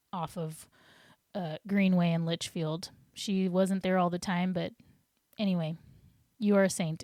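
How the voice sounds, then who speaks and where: A woman's voice: lowish voice, darkish tone, dry recording, clean studio sound. A young adult woman telling a personal story on her podcast in a rambling, chatty way with many restarts. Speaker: podcast host.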